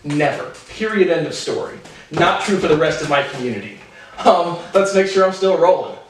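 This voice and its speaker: A man in his twenties giving a rambling, profane personal monologue to camera, jumping between animated tangents. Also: on the high side, moderate pace, a little hiss or hum. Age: 20s. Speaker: vlogger. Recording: very echoey room, voice far from mic.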